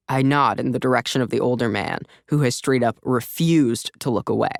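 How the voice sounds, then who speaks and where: A male narrator reads a first-person story in a wry, conversational way, with a gravelly edge to a voice of ordinary pitch. The studio sound is dry and close, with no room around it. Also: a little fast, hardly any pauses, no room sound. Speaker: audiobook narrator. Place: recording studio.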